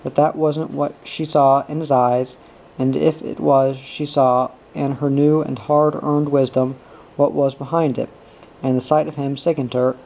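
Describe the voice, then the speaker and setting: A man narrating a novel aloud in a steady, even way. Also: mid-range voice, unhurried, creaky, rough recording. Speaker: audiobook reader. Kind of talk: novel reading.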